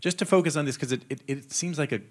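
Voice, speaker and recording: A man's voice: a little high, fast talker. A man interviewing a writer onstage, asking careful, probing questions.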